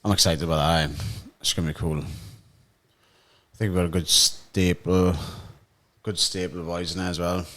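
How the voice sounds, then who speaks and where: A man's voice: low-pitched, flat delivery, moderate pace, fairly bright tone. A young Welshman co-hosting a podcast, chatting casually with plenty of swearing and easy banter. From Wales. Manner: swears a lot, laid-back banter. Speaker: podcast co-host, fighter. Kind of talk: casual chat.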